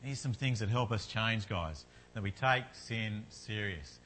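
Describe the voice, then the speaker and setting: A man's voice: on the low side, measured pace, fairly bright tone, slight background noise. A man preaching a sermon in an earnest manner, building to fervent repetition.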